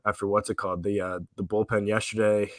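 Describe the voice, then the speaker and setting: A sick, hoarse man co-hosting a sports podcast, rambling casually with lots of fillers. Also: fairly low pitch, level tone, quick pace, no echo. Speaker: podcast co-host.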